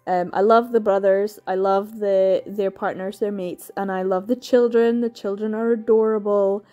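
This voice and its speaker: A woman's voice: medium pitch, steady tone, moderate pace, dark tone, muffled recording, soft background music. A woman, chatting casually and enthusiastically about books she has read, with lots of fillers and little laughs. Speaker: book reviewer. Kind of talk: casual chat.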